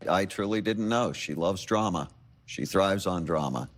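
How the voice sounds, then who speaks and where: A man's voice: low-pitched, measured pace. A man on a talk show, a husband speaking hesitantly and defensively with stammers.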